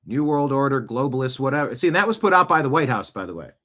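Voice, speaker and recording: A man's voice: medium pitch, expressive, fast talker, fairly bright tone. A man hosting a show, giving casual, rambling political commentary and reacting to clips, with conversational asides. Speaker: show host. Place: home studio, seated.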